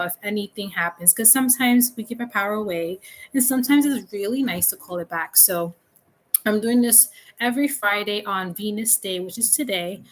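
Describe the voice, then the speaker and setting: A woman's voice: mid-range voice, rough recording. Chatty woman giving a casual tarot reading. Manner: chatty and informal, loose with fillers. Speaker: tarot reader. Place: room at home with a fan. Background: faint renovation noise from upstairs.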